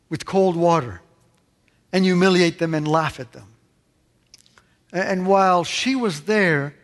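Fairly high-voiced preacher in a reverberant hall. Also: male voice. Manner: emphatic, swings between loud stresses and hushed asides. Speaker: pastor. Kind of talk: sermon.

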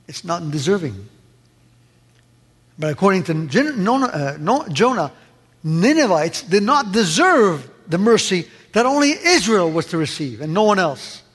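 A man's voice: on the high side, big-room sound. A man preaching a sermon with passion, acting out the voices he quotes. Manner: impassioned, acts out quoted voices.

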